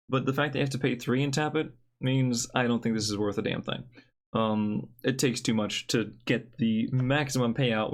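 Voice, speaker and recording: A young man giving a casual, joking card review with blunt opinions. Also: mid-range voice.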